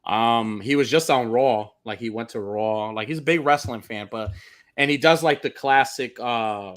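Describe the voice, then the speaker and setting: A man's voice: medium pitch, normal speed, a bit bright. Laid-back slangy podcast guy. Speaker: podcast co-host. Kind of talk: casual livestream chat.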